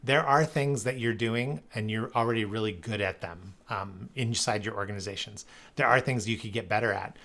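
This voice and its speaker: A man presenting a sales leadership webinar in a conversational way, often checking in with a quick "right?" as he makes his points. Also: lowish voice, fairly bright tone.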